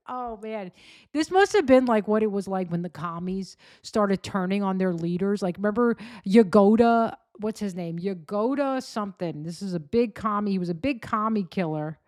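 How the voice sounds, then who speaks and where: A woman's voice: medium pitch, a little fast, darkish tone, dry recording, clean studio sound. A woman hosting a commentary show, talking in a sarcastic, mocking, rambling way. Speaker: host. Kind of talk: commentary on clips.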